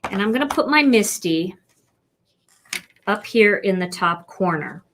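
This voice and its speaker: Her voice is medium-pitched, expressive, fairly bright and a bit slow, with a little hiss or hum in the recording. This card-making instructor teaches stamping on a live stream, chatting playfully as she guides viewers step by step.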